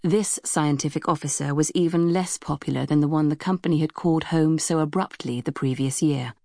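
A woman reading a novel aloud in measured scripted narration. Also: gravelly, dark tone, no echo, clean studio sound. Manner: measured storytelling, voices dialogue with raised pitch. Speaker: audiobook narrator.

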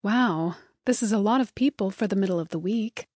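A woman gives voice to a friendly young heroine for an audiobook, polite and upbeat with a determined air. Her voice sits at a middle pitch, recorded dry and close. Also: fairly quick, darkish tone, husky, no echo, lightly acted.

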